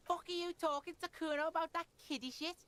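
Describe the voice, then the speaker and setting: A woman's voice: very high voice, fairly even intonation, quick pace, fairly bright tone. A woman voicing a brash, hostile young boy in a video game, who swears constantly and speaks of himself in the third person. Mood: sneering.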